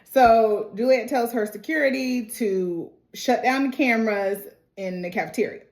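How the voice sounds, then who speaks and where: A woman's voice: a little high, moderate pace, a little mellow. A woman giving a casual, slangy recap of a TV episode, retelling the scenes and quoting the characters' lines. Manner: chatty, slangy, retells scenes with quoted dialogue. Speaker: TV recap vlogger. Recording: roomy echo.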